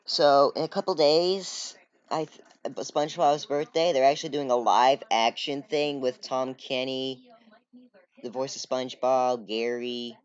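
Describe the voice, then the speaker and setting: A man's voice: medium pitch, fairly even intonation, unhurried, clear, resonant tone. Rambling young man on a dull mic. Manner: rambling, self-correcting. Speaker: reaction video host. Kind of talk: casual reaction vlog.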